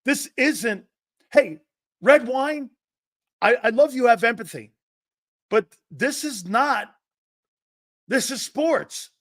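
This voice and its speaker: A man hosting a sports talk show, blunt and combative, swearing freely and mocking soft opinions while he answers chat comments. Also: very high-pitched, expressive, slow pace, pauses often, no room sound, clean studio sound.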